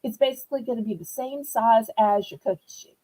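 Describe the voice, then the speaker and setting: On a poor-quality recording, a Southern-accented woman runs a live home shopping sale, chatting cheerfully as she presents each item and sings the prices in a playful way. She speaks briskly in a warm, fairly high voice.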